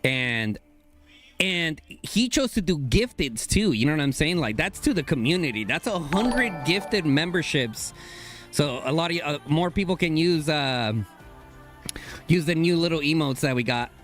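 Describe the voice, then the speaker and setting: A young man streaming a game live, talking to his chat in casual slang and bursting into excited high exclamations. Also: unhurried, soft background music.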